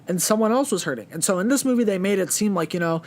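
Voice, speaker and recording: A man's voice: high-pitched, expressive, quick pace. A young man giving a casual, rambling movie review, earnest and full of fillers.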